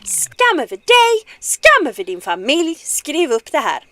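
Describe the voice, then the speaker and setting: A woman putting on a theatrical voice, loudly chanting a dramatic curse in a sing-song way. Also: sits high, huge pitch swings, measured pace, exaggerated voice. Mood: dramatic proclaiming. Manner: loud, sing-song proclaiming.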